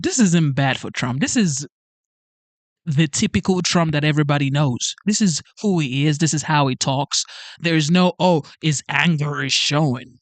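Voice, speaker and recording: A man reacts to a clip in a loose, excitable commentary style, breaking into exclamations as he talks. His voice sits a little high. The sound is dry and close to the mic. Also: dry recording.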